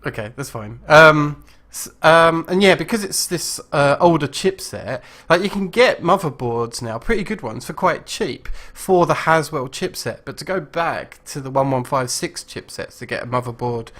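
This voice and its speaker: A man hosting a live game stream, chatting casually and rambling with many pauses and restarts. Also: on the high side, expressive, fairly bright tone. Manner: rambling, lots of ums and restarts.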